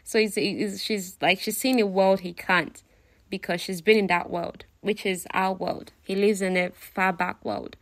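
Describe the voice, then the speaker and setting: A woman's voice: medium pitch, fairly even intonation, unhurried, dry recording. A woman casually retelling a novel, chatty and full of fillers, often asking the listener questions. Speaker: book retelling narrator.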